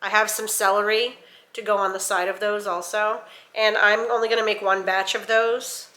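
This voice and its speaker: A woman's voice: medium pitch, flat delivery, moderate pace, bright, forceful tone, poor audio. A woman hosting a casual home cooking vlog, chatting through each step as she goes. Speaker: cooking channel host. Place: home kitchen.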